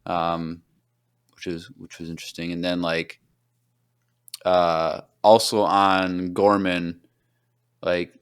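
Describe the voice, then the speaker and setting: A man's voice: low-pitched, flat delivery, slow pace, pauses often, smooth. A man hosting a podcast, chatting casually through an episode recap and filling his speech with "like" and "um.". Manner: rambling, heavy on fillers like "like". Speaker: podcast host.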